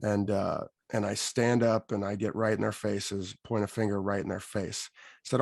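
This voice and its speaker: A man hosting a podcast, telling an animated story and acting out what people said. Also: fairly low pitch, normal speed, vocal fry, no room sound, clean studio sound. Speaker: podcast host. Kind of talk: casual storytelling.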